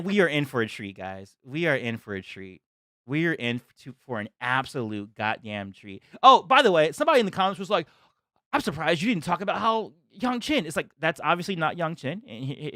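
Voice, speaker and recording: A young man streaming a live reaction to a trailer. He is excitable, makes lots of exclamations and laughs often. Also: medium pitch, dry recording, studio quality.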